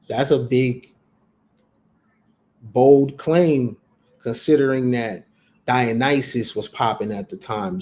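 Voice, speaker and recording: A man's voice: mid-range voice, darkish tone. A man hosting a livestream talk, speaking in an emphatic, preachy way and repeating phrases for effect. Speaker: host.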